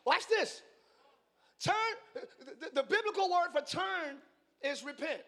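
A pastor preaching a live sermon to his congregation, excitable and playful, swinging from quiet asides to shouting and teasing the crowd. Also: very high-pitched, a little slow. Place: large church hall.

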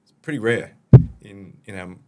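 A man's voice: on the low side, moderate pace, very noisy. A man from Australia, a mindset coach guest on a podcast, speaking reflectively and posing searching questions. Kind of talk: podcast interview.

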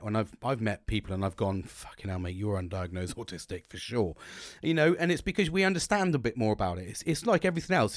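A man's voice: medium pitch, dry recording, clean studio sound. A young man hosting a podcast, talking bluntly and rambling, with plenty of swearing. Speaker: podcast host. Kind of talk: candid solo podcast monologue.

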